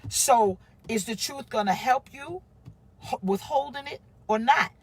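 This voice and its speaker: A woman's voice: fairly high pitch, measured pace, slightly rough. A woman pastor, telling her own story with feeling to a live-stream audience. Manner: emotional, animated storytelling with acted quotes.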